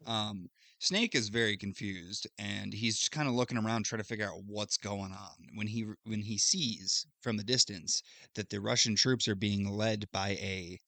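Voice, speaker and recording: A man's voice: lowish voice, normal speed, gravelly, sharp tone, dry recording. A man co-hosting a podcast, casually retelling a video game plot in a loose, rambling way with plenty of fillers. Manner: loose storytelling recap, thinks aloud with fillers. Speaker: podcast co-host recapping a game. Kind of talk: casual chat.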